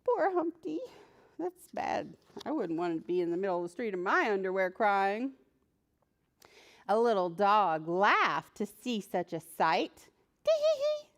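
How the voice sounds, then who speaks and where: A children's librarian reading a picture book aloud to preschoolers, animated and asking the children questions. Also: female voice, medium pitch, a little slow.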